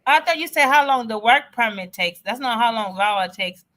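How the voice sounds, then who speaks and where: A woman answering immigration questions on a live stream, chatty and excitable, often repeating herself. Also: a little high, moderate pace. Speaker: immigration advisor.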